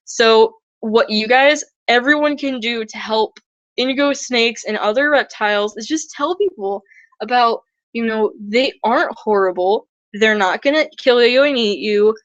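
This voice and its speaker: Earnest chatty young woman, high voice. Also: a little slow, no room sound, lo-fi sound. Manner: earnest, chatty, mimics other people in high squeaky voices. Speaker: reptile conservation vlogger. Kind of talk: casual educational vlog.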